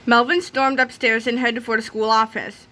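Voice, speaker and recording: Woman reading a kids' book aloud, lively, bright and a bit high. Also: normal speed. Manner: lively storytelling. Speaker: read-aloud narrator. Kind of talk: children's book read-aloud.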